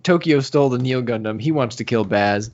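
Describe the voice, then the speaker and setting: Male co-host, mid pitch, casual animated recap, slightly dull lo-fi mic. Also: a little fast. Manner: animated recapping with acted-out quotes and laughs. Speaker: podcast co-host. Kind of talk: casual podcast chat.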